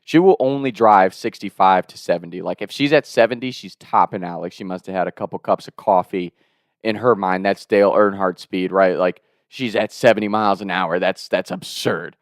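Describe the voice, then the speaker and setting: A young man in his twenties telling a wild story in a casual, animated way, swearing and laughing as he goes. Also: low voice, moderate pace, no echo, clean studio sound. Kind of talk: casual spoken anecdote.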